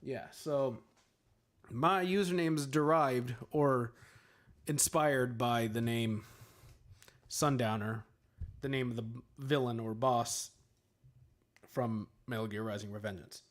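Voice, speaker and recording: A man's voice: mid-range voice, slow pace, long pauses. Rambling man in a casual stream chat. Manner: rambling, lots of filler words and restarts; playful, laughs at himself. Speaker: streamer answering chat questions.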